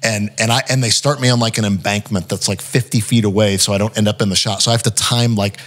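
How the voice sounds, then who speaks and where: Man telling stories with animated quotes. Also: on the low side, fast. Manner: animated, acts out quotes, frequent fillers. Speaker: podcast guest, actor. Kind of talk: casual storytelling chat.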